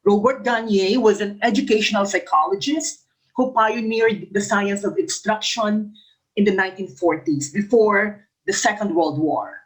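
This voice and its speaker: A woman's voice: medium pitch, unhurried, poor audio. Female teacher, exam review lesson; reads options, explains, repeats answers, demonstrates intonation. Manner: models example sentences with exaggerated intonation.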